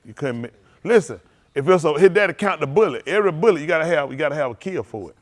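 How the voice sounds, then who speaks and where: A male pastor delivers a storytelling sermon from the pulpit, speaking fast in a voice a touch higher than most men's that swings widely up and down. His folksy, animated stories come with frequent, easy laughter, and he repeats and restarts phrases while acting out what others said.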